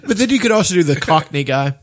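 In a casual podcast chat, a man with a slightly high, lively voice talks fast, telling rambling stories full of restarts and frequent swearing. The audio is studio quality with no room sound.

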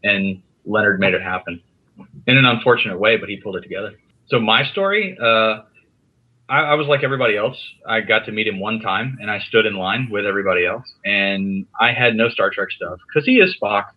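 A man telling an animated, rambling story as a podcast guest, with many restarts. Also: on the low side, brisk, dull audio. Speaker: podcast guest, comics writer. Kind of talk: casual storytelling. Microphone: remote call.

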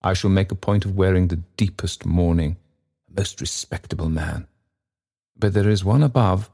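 A man's voice: deep voice, normal speed, creaky, dark tone, breathy edge, full character voice. A man voicing a smug, pompous male alderman who speaks in sanctimonious tones.

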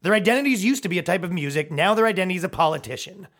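Male comedy podcast host, mocking and profane, slightly high voice. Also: expressive, very fast, a bit bright. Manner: mocking, sarcastic, swears freely. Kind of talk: sarcastic comedic rant.

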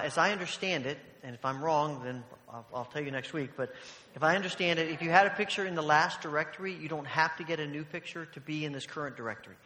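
A man, a church leader, giving relaxed, matter-of-fact announcements in a church sanctuary with frequent hesitations. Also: a little high. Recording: bright, roomy church hall reverb.

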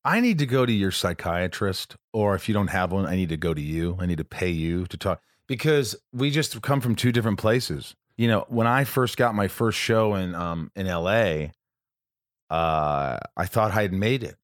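A man's voice: low voice, normal speed, no room sound, studio quality. A man in his forties hosting a podcast, telling stories in a casual, self-mocking way. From United States. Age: 40s. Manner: animated, self-mocking storyteller. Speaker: podcast host. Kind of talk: casual chat.

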